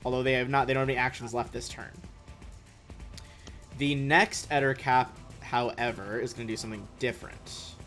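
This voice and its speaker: A young man running a tabletop game as game master, chatty and relaxed, swearing casually. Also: mid-range voice, normal speed, faint music behind.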